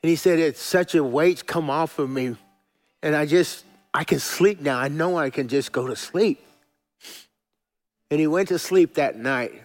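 A man's voice: on the high side, measured pace, soft background music. A middle-aged male pastor telling a story in a sermon, folksy and chatty, often restarting and chuckling at himself.

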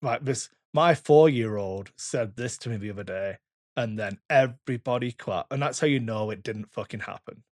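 A man in his thirties hosts a casual podcast conversation, his mid-pitched voice dry and close to the mic at a moderate pace with no room sound. He tells animated stories, swears heavily, and voices the people in them.

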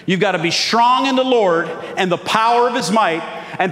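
A man's voice: high-pitched, moderate pace, fairly bright tone, in a large hall. A man pastor preaching a sermon, calling out for "Amen" from the congregation. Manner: call-and-response preaching, frequent "Amen?". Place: church sanctuary.

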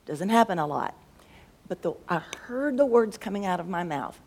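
A woman's voice: medium pitch, lively intonation, normal speed, darkish tone. A woman who teaches school, talking casually about faith and thinking aloud as she searches for words. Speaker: schoolteacher and co-host.

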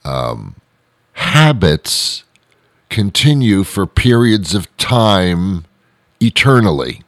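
Middle-aged male storyteller, very low voice, unhurried delivery, digressive and wry. Dry room sound. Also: sing-song, fairly bright tone, dry recording. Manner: digressive, sarcastic asides, frequent "uh" fillers. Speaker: comedic storyteller. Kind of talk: rambling comic monologue.

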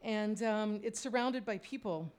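A woman's voice: mid-range voice, measured pace, darkish tone, clear, resonant tone. A woman telling a personal story in a conversational, wry way, full of asides and fillers. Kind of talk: personal storytelling, spoken monologue.

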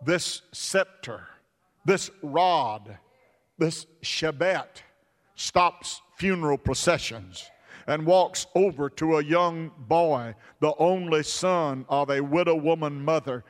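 Slow, emphatic preacher man in a reverberant hall. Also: fairly high pitch. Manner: emphatic, repetitive preaching cadence, bursts into shouts. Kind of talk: sermon. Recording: long reverb of a large hall.

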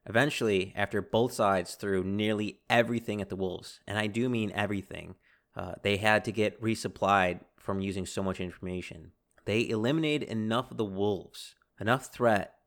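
A man hosting a casual history podcast, telling the story with animated bursts and acted-out quotes. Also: fairly low pitch. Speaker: podcast host.

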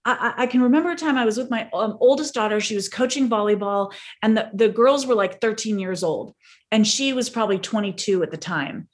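A woman's voice: fairly high pitch, a little fast. Earnest middle-aged woman telling stories. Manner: earnest, animated storyteller who acts out dialogue. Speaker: parenting and team-building coach, guest. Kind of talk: storytelling conversation.

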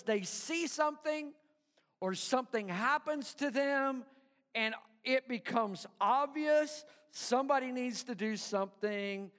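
Male pastor, very high voice, slow emphatic sermon with congregation call-outs, recorded in a reverberant hall. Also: a bit bright, clean tone. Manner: stammering repeats of words.

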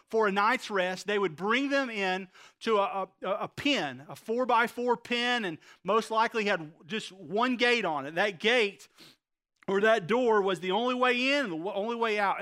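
A man's voice: sits high, sharp tone. A male pastor preaching a sermon, retelling a story and asking the congregation rhetorical questions, often repeating words as he goes.

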